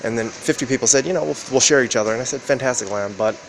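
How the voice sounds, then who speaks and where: A man vlogging in a rambling, profane monologue, acting out quoted exchanges with sudden jumps in pitch. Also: racing, vocal fry, slight background noise. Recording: loud background ambience.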